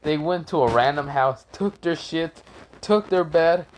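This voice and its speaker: At a measured pace, a man improvises a casual fan-fiction tale, rambling and fixing his own slips. He swears along the way and voices characters with high-pitched shouts.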